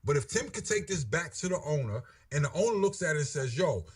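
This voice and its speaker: A man's voice: fairly high pitch, animated, fast, husky. A man making his case insistently in a heated discussion, often repeating himself. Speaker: panelist in a debate.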